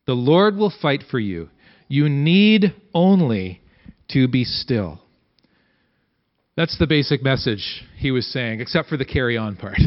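A man's voice: mid-range voice, very animated, measured pace. A man reading scripture aloud and explaining it as a Bible teacher, having his listeners repeat lines after him. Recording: dull lo-fi recording.

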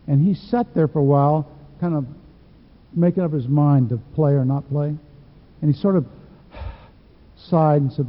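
Male pastor, slightly high voice, folksy sermon storyteller who restarts often; long hall reverb. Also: fairly even intonation, normal speed, long pauses, narrow, tinny audio. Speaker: preacher. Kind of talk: sermon with personal stories.

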